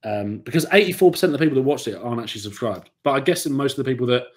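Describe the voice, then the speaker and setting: A man's voice: mid-range voice, animated, rapid-fire. A young man co-hosting a casual football podcast over a call, rambling and hesitant, often restarting his sentences. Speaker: podcast co-host and YouTuber. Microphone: remote call mic.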